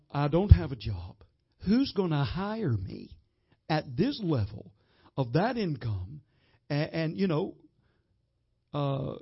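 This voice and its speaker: A middle-aged man preaching as a guest minister, telling a story and repeating phrases to his congregation. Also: sits high. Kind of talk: sermon with storytelling. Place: church hall with congregation. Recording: muffled lo-fi sermon recording.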